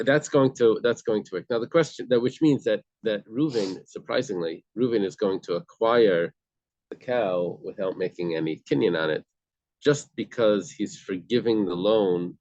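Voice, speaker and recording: A man with a deep, low voice leads a relaxed Talmud study group. He explains the text step by step with everyday examples, often restarting mid-sentence. The recording is dull and dry. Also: no room sound. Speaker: Talmud class teacher. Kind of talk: casual study-group lesson.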